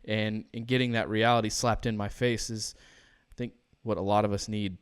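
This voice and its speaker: A man hosting a podcast in casual conversation, relaxed and halting, with many fillers. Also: on the low side, clean tone, no room sound, studio quality. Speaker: podcast host.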